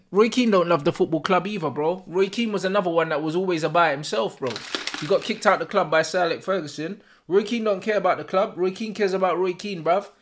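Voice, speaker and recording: A young man with a London accent, reacting live to a football match as a fan streamer, excitable and full of slang and swearing, yelling at the plays. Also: a little high.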